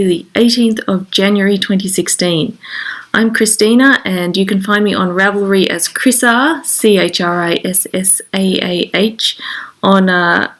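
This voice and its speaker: A woman hosting a knitting podcast, talking casually while showing her knitting, her voice congested from a cold. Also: mid-range voice. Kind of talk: casual chat.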